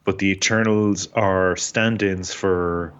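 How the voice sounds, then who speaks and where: Lively, laughing man in casual chat. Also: low voice, takes it slowly, clean tone, highs cut off. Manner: enthusiastic, laughs often, animated when quoting. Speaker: podcast co-host.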